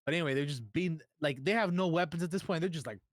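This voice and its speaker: A young man co-hosting a podcast, excitedly retelling a comic with casual swearing. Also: a little high, fast talker, no room sound, clean studio sound. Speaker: podcast co-host. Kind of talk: casual chat.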